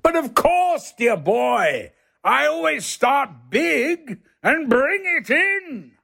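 A man imitating a grand, theatrical older male stage actor with a high, plummy, lofty delivery. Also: sing-song, slow, creaky, pushed and bright, heavily acted.

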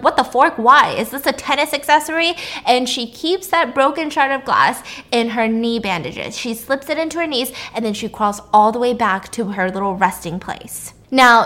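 A young woman tells a film's story in casual chat, her voice sitting a little high. She is animated and playful, slipping into quick impressions of the characters as she goes. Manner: animated, jokey, acts out lines. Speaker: storyteller recapping a film.

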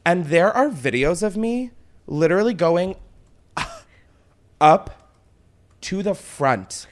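A young man hosts his show and tells a messy night-out story with big drama. His voice sits a bit high and jumps all over the place as he acts out what everyone said. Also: takes it slowly, pauses often. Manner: animated, swearing, dramatic retelling with put-on quotes. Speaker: podcast host. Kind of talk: casual storytelling chat.

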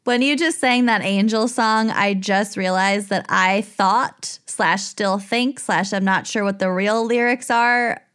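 A woman's voice: mid-range voice, measured pace, hardly any pauses, fairly bright tone, clear, resonant tone. A woman co-hosting a podcast, thanking patrons with jokes, giggles and stumbling restarts. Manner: giggly, joking, self-interrupting. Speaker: podcast co-host. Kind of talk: casual chat reading patron thanks.

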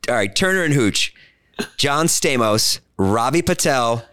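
A man's voice: medium pitch, lively intonation, measured pace, fairly bright tone, dry recording, clean studio sound. A man hosting a podcast, chatting casually and animatedly, telling stories and swearing for emphasis. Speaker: podcast host. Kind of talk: casual chat.

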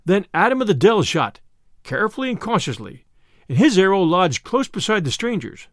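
A man narrating a classic storybook tale in an expressive reading of archaic prose. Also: sits high, moderate pace, no room sound, clean studio sound.

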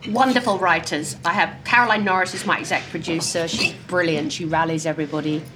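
A woman's voice: on the low side, quick pace, heavy background noise. A woman guest talking animatedly over lunch in a restaurant, telling stories and slipping into impressions. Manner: lively storyteller who slips into impressions. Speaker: interview guest.

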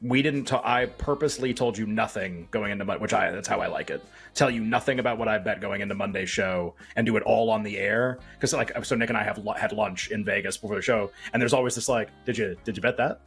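A man co-hosting a sports betting podcast, talking in a measured, analytical way with hedging fillers. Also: lowish voice, creaky, a bit bright, faint music behind. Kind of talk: casual chat.

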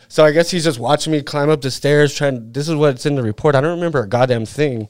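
A man in his forties tells a story loosely, swearing freely and leaning hard on "like" and "dude". His voice sits a bit high for a man and sounds smooth and resonant. The sound is dry and close, with no room around it. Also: fast, darkish tone, no echo. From Utah, USA. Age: 40s. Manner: rambling, profane, full of "like" and "dude". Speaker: podcast guest. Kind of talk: casual storytelling.

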